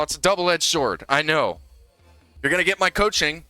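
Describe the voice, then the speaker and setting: A man's voice: fairly high pitch, lively intonation, normal speed, sharp tone, clear, resonant tone, no echo, faint music behind. A young man coaching a video game in a casual, heated breakdown, swearing freely and restarting his sentences often.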